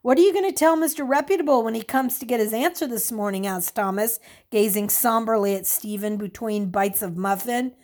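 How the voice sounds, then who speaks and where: A woman narrating a storybook in a calm, even way, lightly voicing the characters' dialogue. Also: a little high, a little fast, hardly any pauses. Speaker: audiobook narrator. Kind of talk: scripted narration.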